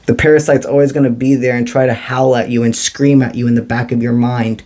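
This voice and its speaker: A man giving a spiritual tarot reading to camera, talking in a calm, encouraging and mystical way with casual slang. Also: mid-range voice, brisk. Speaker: tarot reader.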